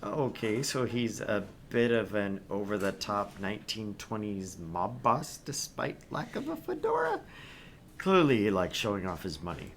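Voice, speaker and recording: Lively man narrating a game. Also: lowish voice, a little slow, creaky, slight background noise. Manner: expressive narration with laughs. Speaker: let's play host. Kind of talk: reading a visual novel aloud.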